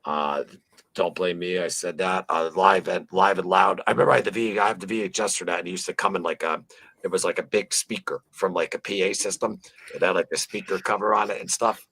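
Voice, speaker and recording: A man's voice: low-pitched, fairly even intonation, fairly quick, a bit bright, slightly rough. A man hosting a casual livestream chat, rambling with lots of fillers and swearing freely. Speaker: livestream host.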